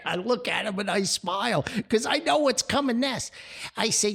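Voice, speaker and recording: A man's voice: sits high, measured pace, vocal fry. An older man from New Jersey with a North Jersey accent, telling a casual story as a podcast host, chuckling as he goes. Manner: animated, chuckling, jumps up for quoted voices.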